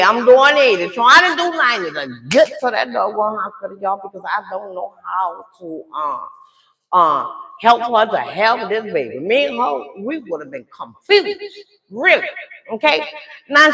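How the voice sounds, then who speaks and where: A middle-aged woman telling a story live in a casual way, animated and talking straight to her audience. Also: medium pitch, reverberant, rough recording.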